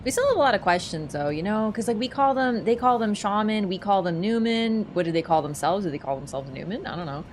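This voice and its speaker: A woman's voice: mid-range voice, animated, fast, few pauses, slight background noise. Chatty woman streaming a video game. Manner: chatty, playful, teasing, thinks out loud with many fillers. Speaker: gaming streamer. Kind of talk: casual live-stream chat while playing a video game.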